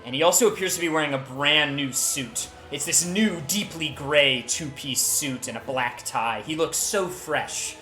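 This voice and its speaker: A man running a tabletop game as game master, telling the scene with lively restarts. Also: a little high, normal speed, few pauses, reverberant, soft background music. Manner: lively storytelling with many restarts.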